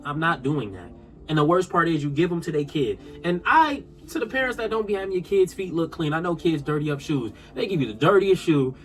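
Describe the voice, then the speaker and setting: A man telling comedic retail stories in an exasperated, animated rant, speaking straight to his viewers. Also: on the high side, a little fast, soft background music. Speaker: vlogger.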